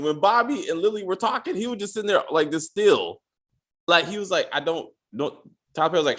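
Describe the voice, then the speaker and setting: A man co-hosting a casual TV review podcast, swearing freely and acting out characters' lines in quick exasperated bits. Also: high-pitched, sing-song, fairly bright tone. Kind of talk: casual spoiler review chat.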